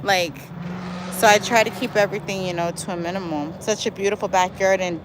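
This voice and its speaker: A woman talks a little fast in a medium-pitched voice while hosting a casual livestream outdoors in her backyard. Chatty and lively, she reads viewer comments and calls them y'all, as faint traffic and outdoor noise drift in.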